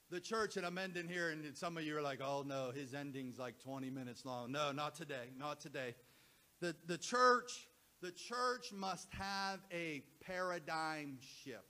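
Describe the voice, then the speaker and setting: A man preaching a sermon to his church and online viewers, building repeated rhythmic phrases into shouted climaxes. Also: high-pitched. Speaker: pastor.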